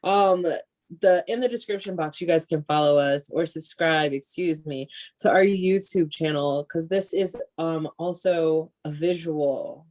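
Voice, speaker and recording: A woman's voice: sits low, unhurried. A woman co-hosting a podcast, telling stories in casual chat with plenty of swearing. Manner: profane, animated storytelling. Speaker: podcast co-host.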